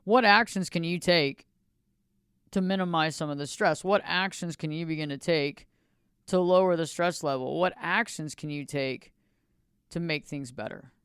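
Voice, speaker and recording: A man's voice: fairly high pitch, normal speed, fairly bright tone, clear, resonant tone, no echo, clean studio sound. A man hosting his own motivational podcast, talking alone in a preachy way and repeating phrases in long lists. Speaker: podcast host. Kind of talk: motivational solo podcast talk.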